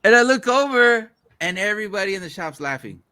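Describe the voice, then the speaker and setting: A man's voice: high-pitched, animated, brisk, bright, forceful tone, smooth, no room sound, studio quality. A man hosting a podcast, telling stories in casual chat, swearing freely and acting out other people's lines. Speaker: podcast host.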